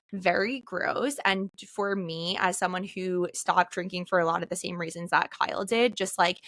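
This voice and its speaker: Bright, candid young woman podcaster. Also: medium pitch, no echo, studio quality. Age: late 20s. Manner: candid, heartfelt, frequent "like" fillers. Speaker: podcast host. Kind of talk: casual chat.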